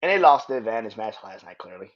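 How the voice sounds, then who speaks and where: A man hosting a podcast, excitedly retelling wrestling scenes in a casual recap. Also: on the low side, fast, dull audio. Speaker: podcast host.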